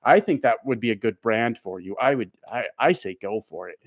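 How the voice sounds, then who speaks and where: A man's voice: fairly low pitch, moderate pace, no room sound, studio quality. A man who drives trucks, chatting casually on a live stream from home, rambling with lots of fillers as he answers viewer comments.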